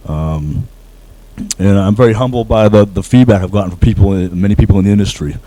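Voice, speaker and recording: A man's voice: fairly low pitch, a little fast, warm tone, poor audio. A man being interviewed about his acting role, speaking humbly with many fillers and restarts. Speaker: actor guest. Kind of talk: casual interview.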